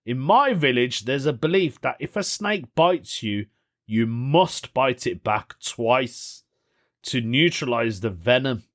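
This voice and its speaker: A man's voice: medium pitch, lively intonation, takes it slowly, a bit bright. A man hosting a solo podcast, chatting casually, reading a news story aloud and reacting with amused disbelief. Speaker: podcast host.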